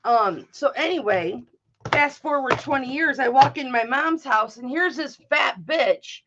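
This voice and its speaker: A woman in her forties hosts a casual livestream and tells a personal story bluntly, swearing freely. Her voice sits a little high and the talk runs hot and unpolished. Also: expressive, moderate pace, fairly bright tone, a little hiss or hum, rough recording. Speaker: livestream host.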